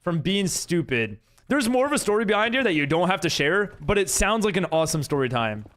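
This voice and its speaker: Young man, streamer, casual chat, fairly high voice, very lively pitch, frequent laughs. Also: fast. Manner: chatty, laughs often, many fillers. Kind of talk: casual live-stream chat reading viewer messages.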